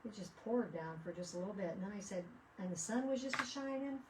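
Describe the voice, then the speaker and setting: A woman talks casually as she works on a craft project, wandering off into stories and restarting her sentences. She sits some way back from the microphone, so her voice sounds slightly distant. Her pitch sits in a middle range. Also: lively intonation, fast talker, background noise. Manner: rambling, chatty, with frequent restarts. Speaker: craft vlogger. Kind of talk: casual chat while crafting. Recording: voice picked up from a distance.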